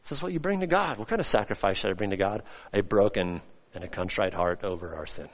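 A male pastor preaching a sermon, swinging between loud, rising emphasis and soft, hushed lines. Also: on the low side, animated, fast talker. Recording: long hall reverb.

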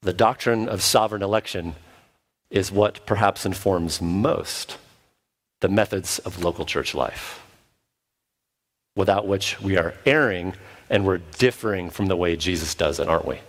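A man's voice: low voice, unhurried. A man, a pastor, preaching an earnest sermon and now and then acting out the voices of the people he quotes.

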